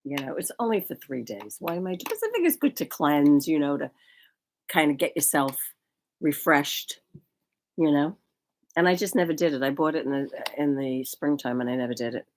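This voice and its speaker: Co-host, woman, very low pitch, talkative and animated. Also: normal speed. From Long Island. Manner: rambling, animated, says "you know" a lot. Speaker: podcast co-host. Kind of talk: casual chat.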